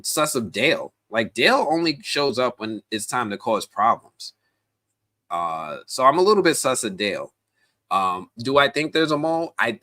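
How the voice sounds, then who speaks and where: A man hosting a casual live stream, chatty and animated, talking straight to his viewers with plenty of slang, fillers and restarts. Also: medium pitch. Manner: slangy, addresses viewers directly.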